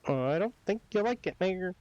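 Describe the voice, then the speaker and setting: Earnest villager, raised and lively, as a game master plays him. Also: male voice, high voice, brisk, no room sound, muffled recording, pitched above the performer's own voice.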